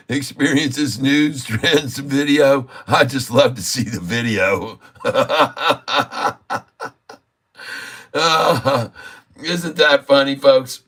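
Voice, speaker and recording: A man's voice: mid-range voice, very slow, pauses often, fairly bright tone, husky. A middle-aged man hosting a live stock-trading stream, chatting casually, laughing often and reading viewer comments aloud. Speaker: livestream stock trading host. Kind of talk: casual livestream chat with viewers.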